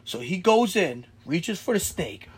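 A young man with a husky voice telling a rowdy story in casual chat, swearing freely and shouting out the quoted lines. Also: high-pitched, a little slow. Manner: animated, swears a lot, shouts when acting out quotes.

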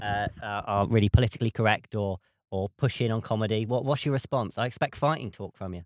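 A man's voice: on the low side, fast, a little mellow, dry recording. A young man hosting a comedy podcast, teasing his guests in a mock-serious way. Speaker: podcast host.

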